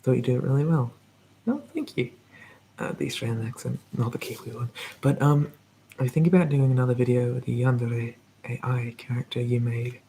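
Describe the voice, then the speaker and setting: A man hosting a live whispered ASMR Q&A, talking softly and rambling as he reads out viewer comments. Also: medium pitch, flat delivery, brisk, creaky, slight background noise. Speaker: ASMR channel host.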